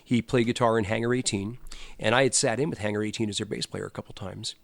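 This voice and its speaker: A middle-aged male musician tells stories in a relaxed interview, and his voice has a gravelly edge. He gets lively and acts out the people he quotes. The sound is close and dry, with no room echo. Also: lowish voice, fast talker. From Los Angeles. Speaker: guest musician. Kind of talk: casual storytelling interview.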